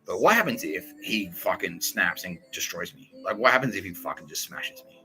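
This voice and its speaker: A man's voice: sits low, sing-song, brisk, pushed and bright, faint music behind, poor audio. A young Australian man hosting a podcast, telling a heated, profane story in a rambling casual monologue. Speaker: podcast host.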